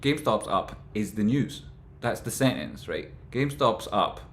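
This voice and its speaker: A man rambling through casual stock market commentary, with animated, exasperated rants. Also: lowish voice, normal speed, roomy sound, a little hiss or hum.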